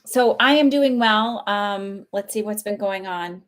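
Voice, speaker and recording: A woman's voice: mid-range voice, a little slow. A woman in her thirties, a psychic medium chatting casually on a livestream, rambling and laughing often. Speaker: psychic medium hosting live readings.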